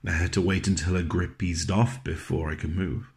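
A man with a very deep voice delivers a scripted dramatic monologue. He tells it in a gentle, wry way, dropping into low, soft passages. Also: little pitch movement, moderate pace. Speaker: actor performing a monologue.

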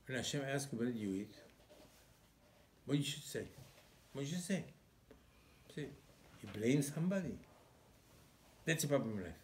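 A male rabbi giving an emphatic sermon, full of rhetorical questions and broken English. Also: mid-range voice.

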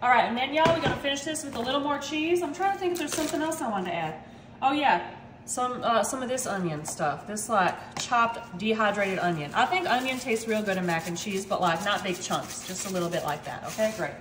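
A woman cooking in her home kitchen chats in an upbeat, casual way for a cooking video, saying "y'all" constantly. Her voice is on the high side and fairly quick, with lively intonation, in a reverberant space with a noisy background.

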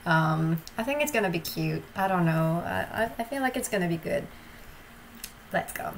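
A woman's voice: lowish voice, lively intonation, moderate pace, slight background noise, rough recording. A woman hosting a reaction video, talking casually with hesitant ums and gushing, emotional remarks.

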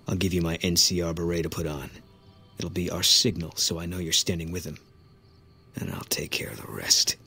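An actor playing a grim, bitter soldier who talks in a curt, guarded way, in a video game. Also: male voice, deep voice, flat delivery, brisk, bright, forceful tone. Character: grim, bitter soldier sniper, grieving husband. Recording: game audio under music.

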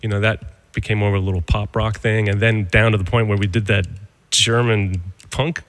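A man, a songwriter and producer, guesting on a podcast and telling stories in a casual, animated way, acting out what people said. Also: on the low side, normal speed. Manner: animated, acts out quoted dialogue. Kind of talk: casual storytelling interview. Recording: long reverberant room sound.

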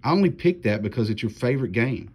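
A calm, persistent young girl reasons with her upset brother in an even, sensible tone, as a man reading a storybook puts her on. The voice is lifted higher than the reader's own. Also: fast talker, breathy edge. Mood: hurt.

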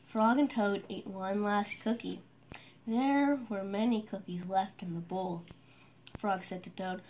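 A woman's voice: mid-range voice, measured pace. A woman at home reading a children's storybook aloud, carefully and steadily. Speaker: storybook reader.

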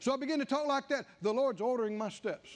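Man, older, preacher, high-pitched, emphatic sermon delivery, acts out dialogue. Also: fast.

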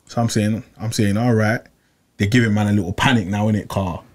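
A young man, telling a long personal story in casual chat, animated and repeating himself, full of slang. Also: on the low side, fast talker. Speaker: podcast regular.

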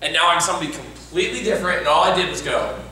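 Improv coach guy, high bright voice, acts stuff out, echoey far-off sound. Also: lively intonation, slight background noise. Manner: emphatic, acts out quick examples. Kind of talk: workshop teaching. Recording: echoey room, far from mic.

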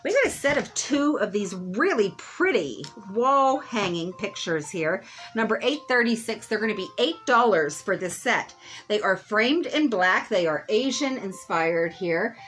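A woman's voice: mid-range voice, expressive, a little slow, a bit bright, faint music behind, low-quality recording. A middle-aged woman hosting a live sale stream, chatty and rambling, laughing at her own jokes.

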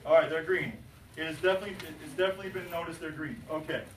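A male chemistry teacher lecturing his class, animated and jokey, asking students questions. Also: on the high side, racing, noisy background. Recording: roomy, distant classroom recording.

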